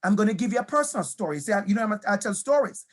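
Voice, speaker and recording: Racing along with lively intonation, a man with a high-pitched voice addresses teachers in an emphatic motivational talk. He weaves in personal stories, repeats his key phrases, and asks his audience direct questions.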